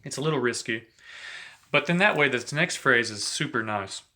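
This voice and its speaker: A man giving a relaxed, chatty saxophone lesson, talking between played examples and filling his talk with "you know". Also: medium pitch, normal speed. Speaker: saxophone teacher. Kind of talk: casual instructional talk between playing examples.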